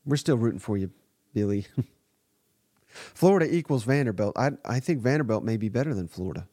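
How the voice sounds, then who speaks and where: A man's voice: medium pitch, expressive, brisk, mellow, no echo, studio quality. A man hosting a live sports reaction podcast, giving blunt, exasperated and profane commentary. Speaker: podcast host.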